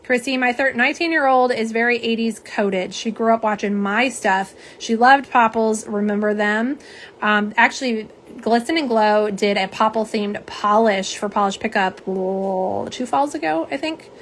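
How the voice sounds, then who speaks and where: Chatting bubbly with viewers and reading their comments out, a middle-aged woman hosts a casual nail polish livestream from her home setup using a phone camera. Her voice sits fairly high and moves at normal speed.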